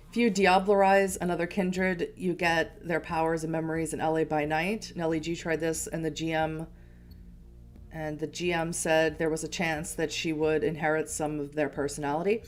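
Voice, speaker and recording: Woman streamer, low voice, chatty and rambling, faint music underneath. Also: little pitch movement, normal speed. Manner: chatty, laughing, rambling explanations. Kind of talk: casual game-stream commentary.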